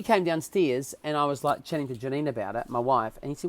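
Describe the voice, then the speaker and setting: A middle-aged man, a podcast guest telling personal stories in a lively, emotional way. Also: mid-range voice, quick pace. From New Zealand. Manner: animated, emotional storyteller who acts out quotes. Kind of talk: casual storytelling chat.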